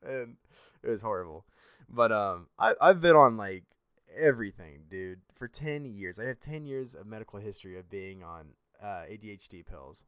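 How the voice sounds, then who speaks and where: A man's voice: fairly low pitch, expressive, normal speed, fairly bright tone, clear, resonant tone, dry recording, clean studio sound. Swearing young man telling his story. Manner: profane, blunt, rambling retelling. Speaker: podcast host. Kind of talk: casual personal storytelling.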